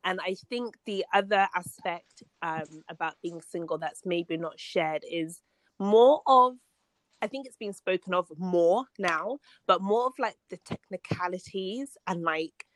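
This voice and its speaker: A woman's voice: fairly low pitch, measured pace. A woman with a London accent, a guest on a podcast, talking reflectively with frequent "like" and "um". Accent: London English. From England. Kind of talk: casual podcast chat.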